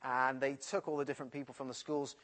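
A man's voice: medium pitch, fast talker. A man from the English Midlands with a Midlands accent, preaching and telling a personal story from his school days. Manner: storytelling, animated retelling.

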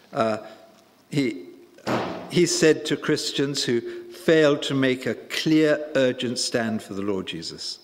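A man preaching a sermon in an emphatic, deliberate way, with stresses that rise on key words. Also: on the high side, big-room sound.

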